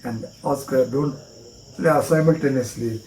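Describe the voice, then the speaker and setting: Indian-accented male magic teacher, mellow voice, spells and repeats patiently, roomy echo with faint crickets. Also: mid-range voice, measured pace, slight background noise. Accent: Indian English. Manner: spells words out letter by letter, repeats phrases rhythmically. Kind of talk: card trick tutorial. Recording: echoey room with faint cricket chirps.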